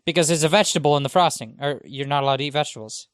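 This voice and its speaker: A man joining a casual podcast as a guest, joking in a deadpan way with halting restarts. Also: a little high, no echo, studio quality.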